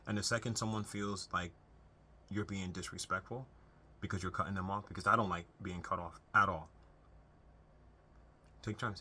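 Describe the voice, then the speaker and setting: Deep-voiced young man giving earnest advice. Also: normal speed, long pauses, pushed and bright, a little hiss or hum. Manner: earnest, conversational, many restarts and asides. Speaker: self-help video host. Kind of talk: unscripted advice talk to camera.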